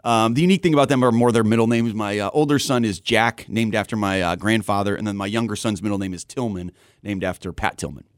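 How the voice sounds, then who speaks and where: A man in his forties from Southern California, a guest on a radio show, telling stories in a lively way and acting out the voices of people he quotes. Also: lowish voice, quick pace, no echo, studio quality. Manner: animated storyteller, acts out quoted voices. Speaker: TV news anchor, guest. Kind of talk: casual radio interview.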